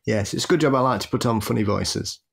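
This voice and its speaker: A man's voice: lowish voice, fast, gravelly, fairly bright tone, husky. A man with a British accent co-hosting a podcast, with dry, self-deprecating humor. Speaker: podcast co-host. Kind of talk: casual podcast banter.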